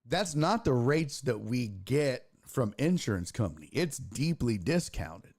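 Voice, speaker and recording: Animated, profane male storyteller. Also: mid-range voice, unhurried. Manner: animated, profane, acts out voices in his anecdotes. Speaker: sports podcast host. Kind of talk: casual storytelling.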